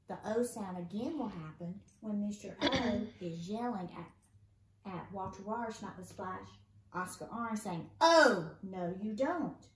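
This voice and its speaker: A woman teaching a first grade phonics lesson, sounding out letters slowly and asking encouraging questions. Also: medium pitch, a little mellow. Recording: roomy echo, faint room noise.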